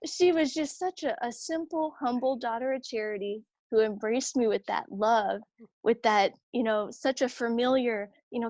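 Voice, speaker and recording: Chatty woman telling a story, lots of um and restarts, kinda high voice, dry close sound. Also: normal speed, no room sound. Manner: animated, acts out quoted voices; chatty, many fillers and restarts. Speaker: religious sister, guest. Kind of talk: storytelling in a conversation.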